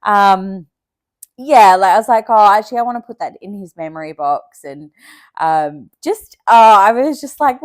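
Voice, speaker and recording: A woman's voice: medium pitch, animated, moderate pace, dry recording, studio quality. Chatty young woman vlogger. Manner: chatty, many fillers and likes, laughs often. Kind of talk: casual chat to camera.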